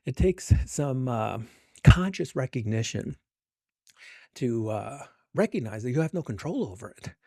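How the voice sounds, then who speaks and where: A middle-aged man talks as an interview guest in a relaxed, chatty way. He fills his talk with "you know" and "uh", and he often chuckles at his own stories. His voice is mellow and dark, recorded dry and close. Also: mid-range voice, a little slow, no echo. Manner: chatty and self-amused, many fillers. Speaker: author and guest. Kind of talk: casual interview conversation.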